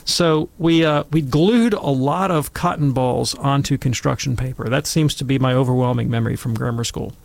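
A middle-aged man telling wry, animated stories and commenting on scripture in a casual talk. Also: medium pitch, normal speed, creaky, hardly any pauses. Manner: wry, animated anecdotes with acted quotes.

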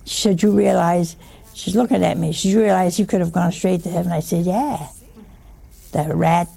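A woman's voice: fairly low pitch, fairly even intonation, normal speed, creaky, mellow, breathy edge. A woman giving a chatty sermon, teasing her listeners with rhetorical questions and humor. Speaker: religious teacher. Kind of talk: conversational sermon.

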